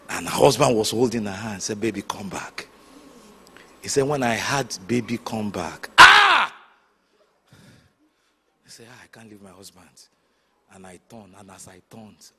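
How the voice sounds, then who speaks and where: A man preaching a sermon, telling stories with sudden shouts and hushed asides. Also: fairly low pitch, a little hiss or hum. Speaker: pastor.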